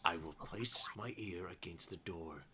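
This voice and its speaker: A man doing a low, hushed castle guard. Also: a little slow, breathy edge, heavily acted. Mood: wary. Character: gruff male castle guard, wary and grudging.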